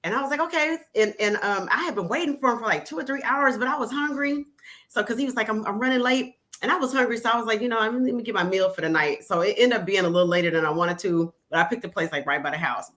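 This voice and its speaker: A woman guest telling dating stories in a casual chat, animated, unfiltered and quick to laugh. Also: fairly high pitch. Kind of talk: casual storytelling.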